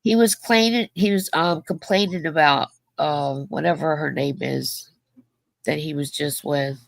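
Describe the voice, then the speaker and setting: A woman with a stuffed-up nose joining a casual livestream chat, playful and quick to laugh. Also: sits low, steady tone, gravelly. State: stuffed up, congested.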